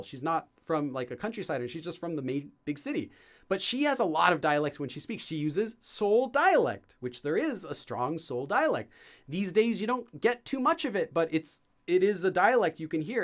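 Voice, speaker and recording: A man with a high voice leads a casual livestream language lesson. He talks in a chatty, rambling way and pokes fun at himself, often wandering off on tangents before getting back to his point. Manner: chatty, rambling, self-deprecating. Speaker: Korean language teacher.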